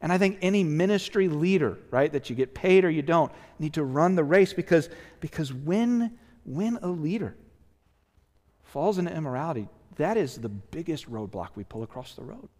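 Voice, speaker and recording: A man's voice: on the high side, lively intonation, normal speed, darkish tone. A male pastor preaching a sermon, earnest and emphatic, tired and often asking "right?". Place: church sanctuary. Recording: long reverb of a church hall.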